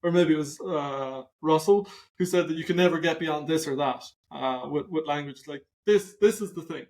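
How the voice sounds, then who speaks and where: Irish man, fairly high voice, casual podcast talk, thinking out loud, self-questioning. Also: moderate pace. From Limerick, Ireland. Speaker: podcast guest, philosopher. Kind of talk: casual conversation.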